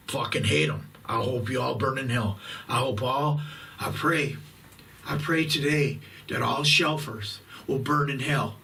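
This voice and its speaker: A man's voice: mid-range voice, sharp tone, recorded from a distance. A man in his fifties ranting profanely and bluntly about his pet peeves to his channel's viewers, dragging out words for emphasis. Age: 50s. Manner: blunt, profane, combative rant with long drawn-out words. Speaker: YouTube host.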